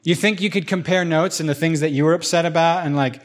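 Slightly high-voiced male pastor preaching. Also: fairly even intonation, quick pace, hardly any pauses. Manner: conversational, acts out imagined voices. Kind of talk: sermon.

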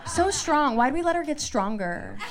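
A woman, performing a lively stand-up comedy set on a club stage with a handheld mic. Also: high voice, some chatter behind. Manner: animated, jumps into quoted voices, quick asides.

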